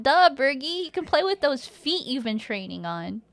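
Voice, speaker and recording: Bright, high-voiced woman streamer. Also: big pitch swings, moderate pace, hardly any pauses, dry recording. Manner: rambling, giggly, reads chat aloud and hums. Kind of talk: casual live-stream chat.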